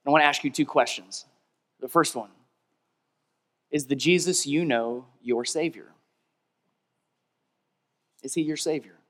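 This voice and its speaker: A man's voice: a little slow, pauses often, a bit bright. Man preaching in a reverberant hall. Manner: preaching with call-and-response, rising to emphatic peaks then dropping low. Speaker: pastor. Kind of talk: sermon. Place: large church hall. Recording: long reverb of a large hall.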